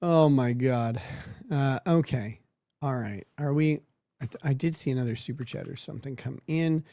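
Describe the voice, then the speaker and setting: A man's voice: mid-range voice, moderate pace, warm tone, dry recording. Dry, sardonic male livestream host. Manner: sardonic, crude joking, laughs often. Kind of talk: casual livestream commentary.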